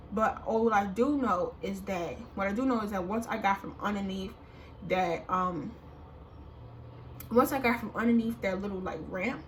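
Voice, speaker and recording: A woman vlogger telling a casual storytime in an animated, slangy, rambling way, full of fillers. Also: medium pitch, slight background noise. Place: indoors, standing.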